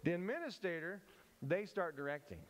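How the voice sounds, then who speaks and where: A man teaching at a church service, animated and playful, often breaking off and restarting as he acts out examples. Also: high-pitched, brisk. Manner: animated, self-interrupting, playful. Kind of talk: church teaching with acted-out scenes.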